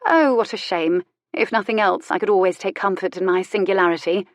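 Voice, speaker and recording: A woman's voice: medium pitch, brisk, dry recording, natural voice. A woman voicing a witty, flirtatious disgraced countess who speaks with tart, sweet irony. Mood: arch. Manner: arch, sweetly ironic, tart.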